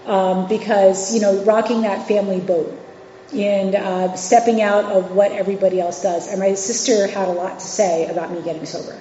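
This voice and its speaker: A mellow, mid-range voice with a steady tone and moderate pace belongs to a woman in her forties from New York City and Virginia, with a little hiss or hum audible. As a meeting's guest speaker, she shares her recovery openly and conversationally, often using fillers and restarting. The hall echoes and the sound is dull and lo-fi.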